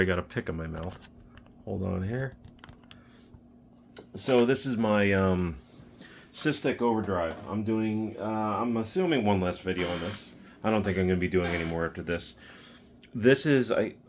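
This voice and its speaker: A man casually showing off a guitar pedal he built, talking in a relaxed, rambling way with fillers and restarts. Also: sits low, slight background noise. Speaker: pedal builder demoing his pedal. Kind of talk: casual demo talk.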